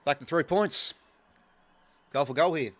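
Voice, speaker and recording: A young Australian man giving casual live commentary on a football match he is watching as a fan, chatty and partisan, with excitable bursts. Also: on the high side, a little slow.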